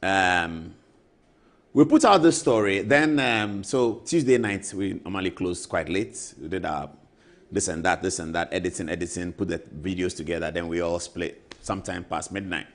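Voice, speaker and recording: A man's voice: low voice, normal speed. A man with a Ghanaian accent, a TV show host telling a story and acting out what others said to him. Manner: animated, acts out quoted voices. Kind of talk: storytelling monologue.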